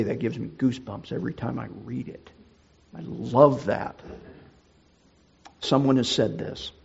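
A middle-aged male pastor with a husky voice, preaching a sermon in an earnest, deliberate way. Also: medium pitch, steady tone, a little mellow, highs cut off.

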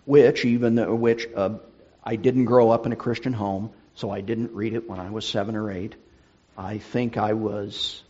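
Slow husky middle-aged preacher. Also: male voice, lowish voice, a little mellow, lo-fi sound. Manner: earnest, deliberate preaching. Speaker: pastor. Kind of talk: sermon.

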